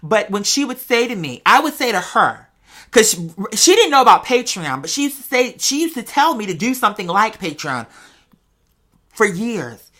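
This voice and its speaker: Bright-voiced man telling a personal story. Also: high voice, normal speed. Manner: expressive and chatty, addresses listeners as y'all and girl. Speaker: podcast host. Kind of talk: casual personal storytelling to listeners.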